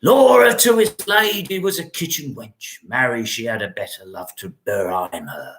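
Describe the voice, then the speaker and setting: A man's voice: medium pitch, expressive, normal speed, fairly bright tone, slight background noise, voice pushed down, natural voice. A man playing a witty, mocking young nobleman in a solo Shakespeare reading, with a theatrical delivery. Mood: teasing. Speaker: solo stage performer.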